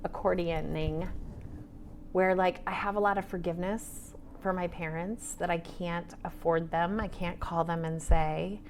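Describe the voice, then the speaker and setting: A woman's voice: on the low side, fairly even intonation, a little slow, slight background noise. A woman in her forties, an author and trauma therapist, talking animatedly on a panel and dropping to whispers for asides. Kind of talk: casual panel conversation.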